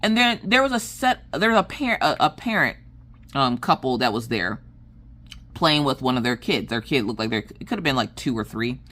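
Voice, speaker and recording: A woman, chatting casually in a crafting vlog, telling stories in an animated way and acting out what people said. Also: extremely low pitch, normal speed. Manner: animated storytelling, acts out quotes. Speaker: crafting vlogger. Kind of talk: casual chat while crafting.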